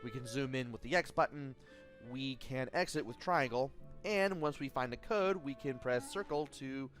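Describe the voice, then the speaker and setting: A man's voice: medium pitch, moderate pace, a bit bright. Casual man explaining gameplay. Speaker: let's play host. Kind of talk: gameplay commentary. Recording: voice-over with faint game music.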